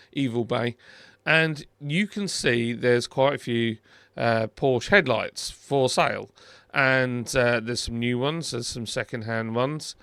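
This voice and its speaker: A middle-aged British man talks through a screen recording in a relaxed, wry way, stumbling and restarting as he goes. His voice is bright and forceful with a gravelly fry underneath. The sound is dry and close, with no room around it. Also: medium pitch, no room sound. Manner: chatty and wry, with many fillers and restarts. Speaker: car video host. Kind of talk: casual commentary over a screen recording.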